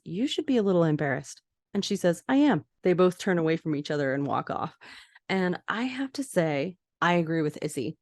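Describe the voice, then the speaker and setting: A woman's voice: on the low side, a little mellow, no room sound, clean studio sound. A woman hosting a podcast, casually retelling a TV episode scene by scene and quoting the characters. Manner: narrates scenes, quotes characters, laughs often. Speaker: podcast host recapping a TV episode.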